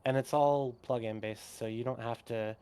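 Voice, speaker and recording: A man in casual gaming chat on a voice call, getting excited and talking fast about what he likes. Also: medium pitch, smooth. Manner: excitable, talks fast when hyped. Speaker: podcast co-host.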